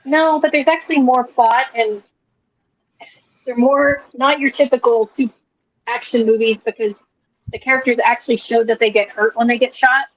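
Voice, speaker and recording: A woman's voice: fairly high pitch, fairly even intonation, moderate pace, dry recording. A woman co-hosting a podcast in casual chat, matter-of-fact and plain-spoken. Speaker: podcast co-host. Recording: slightly dull lo-fi sound.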